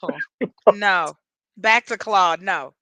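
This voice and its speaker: A woman's voice: mid-range voice, slow, fairly bright tone, no room sound. A woman speaking bluntly and emphatically in a casual panel chat.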